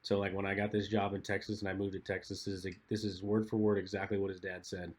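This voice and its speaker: A man with a lowish voice co-hosting a casual podcast. He tells laid-back stories and teases his friend as he goes. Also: little pitch movement, quick pace, darkish tone, breathy edge. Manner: laid-back, teasing storytelling. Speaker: podcast co-host. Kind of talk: casual chat.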